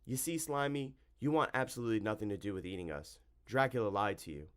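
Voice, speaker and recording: A man voicing a wisecracking boy hero in an audiobook, pitching his voice up and talking in a brash, joking manner. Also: fast, clean tone, natural voice. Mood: cheeky.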